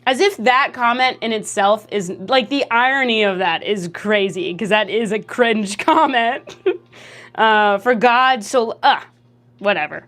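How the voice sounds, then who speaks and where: A young adult woman livestreaming at home into a desk mic, chatting casually and reacting to chat comments in a lively, jokey way. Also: measured pace. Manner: lively, jokey, reacts to chat with laughs and big pitch jumps. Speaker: streamer.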